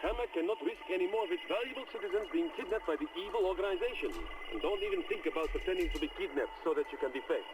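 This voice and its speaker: A man voicing a stern, threatening male state radio announcer in a video game, speaking in a put-on Russian accent. The voice sits high and rattles along quickly. It sounds distant, with heavy noise behind it, as if heard through an in-game broadcast. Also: lightly acted. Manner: official, threatening.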